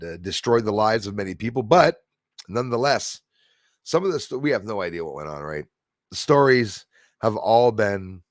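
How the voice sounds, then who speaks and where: A man's voice: mid-range voice, creaky, dry recording, clean studio sound. A man hosting a casual live stream, talking in a loose, rambling way with many fillers and restarts. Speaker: host.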